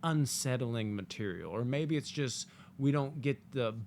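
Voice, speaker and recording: A man from the United States giving a casual spoken movie review, animated and profane, acting out quotes in jokey asides. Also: mid-range voice, measured pace.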